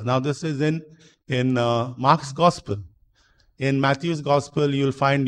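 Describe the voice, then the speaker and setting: A man preaching a sermon in a church, explaining slowly, repeating himself and asking rhetorical questions. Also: mid-range voice. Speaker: priest.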